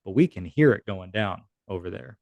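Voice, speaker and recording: Low-voiced man in his thirties, casual. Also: expressive, moderate pace, creaky, dry recording, lo-fi sound. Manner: casual, profane, acts out quoted dialogue. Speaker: podcast guest, military veteran. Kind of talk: conversational storytelling.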